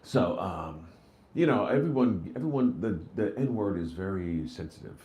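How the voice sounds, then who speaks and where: Animated, foul-mouthed man doing stand-up. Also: low-pitched, normal speed. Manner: profane, animated storytelling with lots of "like" and "right?". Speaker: stand-up comedian. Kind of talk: live stand-up set.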